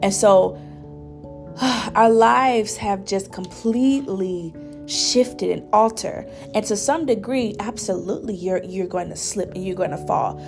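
A young woman speaks in a soft, earnest, reflective way as she hosts her own podcast. Her voice carries a gravelly fry, and she pauses often and restarts her sentences. Faint music plays behind her. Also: mid-range voice. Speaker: podcast host. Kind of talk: personal faith podcast monologue.

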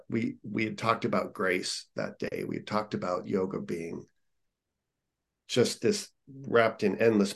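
A man's voice: fairly low pitch, gravelly. A man who teaches yoga, talking in a casual podcast conversation with an earnest, encouraging coaching tone, repeating phrases for emphasis.

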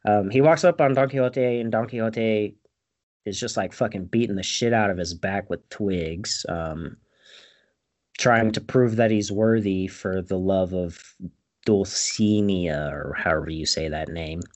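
A man's voice: fairly low pitch, measured pace. A man casually retelling a movie plot, swearing a lot and laughing at it. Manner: profane, animated, laughs often. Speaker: movie recapper.

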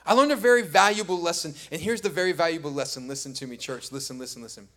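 A middle-aged pastor preaches with a slightly high, somewhat bright voice at a quick pace. He tells stories in a conversational way, then builds to points he repeats emphatically.

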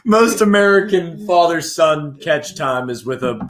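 Young man, casual chat, lively intonation, slightly high voice. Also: a little slow, reverberant. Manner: animated, laughing, acts out quotes.

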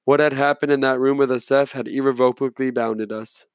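A man narrating an audiobook in the first person, reading in a measured, steady way. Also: medium pitch, clear, resonant tone, no room sound.

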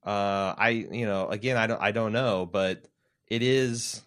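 A man's voice: fairly low pitch, measured pace. A man co-hosting a casual podcast, rambling and joking with many restarts as he reads listener mail. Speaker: podcast co-host.

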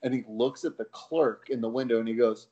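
A man co-hosting a podcast, telling a story casually in an animated, laughing, profane way. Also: medium pitch, fairly quick, highs cut off. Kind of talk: casual chat.

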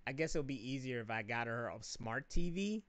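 A man talks casually on a podcast in a bright, crisp voice. He tells his stories animatedly and swears freely. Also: normal speed, dry recording. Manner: animated storyteller, swears freely, mimics others in high voices. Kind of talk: casual chat.

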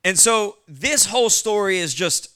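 Male pastor, fairly high, crisp and bright voice, chatty preaching delivery. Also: expressive, a little slow. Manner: casual, conversational preaching with asides. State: short on sleep. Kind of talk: sermon.

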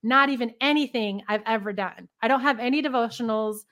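A married woman co-hosting a podcast, telling a story in an animated, indignant, quick way. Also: a little high. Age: adult, married. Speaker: podcast co-host, runs a ministry. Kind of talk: casual storytelling chat.

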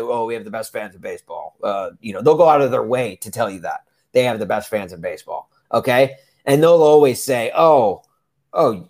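A man co-hosting a casual sports podcast, animated and laughing, repeating phrases for emphasis. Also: fairly high pitch. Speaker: podcast co-host.

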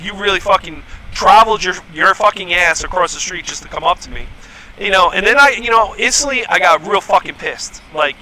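A man's voice: sits high, bright, forceful tone, a little hiss or hum, poor audio. A man hosting a casual podcast, telling stories in a profane, heated rant. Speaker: podcast host. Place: home podcast setup.

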